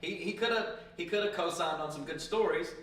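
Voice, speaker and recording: Man, podcast host, rowdy storyteller, fairly high voice, echoey room, distant mic. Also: a little fast, a little hiss or hum. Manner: animated, profane storyteller who acts out voices. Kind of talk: casual storytelling chat.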